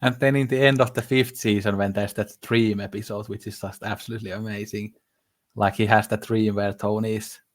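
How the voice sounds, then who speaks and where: A man with a lowish, fairly monotone voice, talking through a long casual chat. He rambles eagerly and often restarts his sentences. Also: fairly quick. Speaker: podcast host. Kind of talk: casual discussion.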